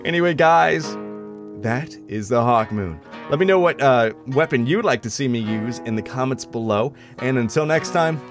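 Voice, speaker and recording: A man giving live commentary over his own gameplay, excitable and prone to yelping and shouting at the game. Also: mid-range voice, normal speed, over music. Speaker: gaming YouTuber.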